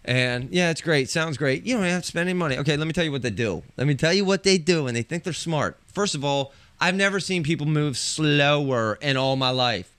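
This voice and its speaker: Brief: male podcast co-host, high, lively pitch, exasperated ranting energy. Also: fairly quick, hardly any pauses. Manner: animated ranter, shouting when acting out his own quotes. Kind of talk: casual chat, ranting storytelling.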